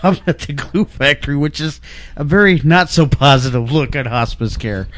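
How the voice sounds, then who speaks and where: A man's voice: fairly high pitch, moderate pace, a bit bright. Chatty man rambling in a podcast. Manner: rambling, restarts mid-sentence. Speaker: film festival programming director, guest. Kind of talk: casual podcast chat. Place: Los Angeles.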